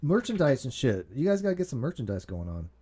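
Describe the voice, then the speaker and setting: Fast-talking, animated man hosting a video chat. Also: medium pitch, husky. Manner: rambling, profane, animated storyteller. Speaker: host. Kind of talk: casual group video chat.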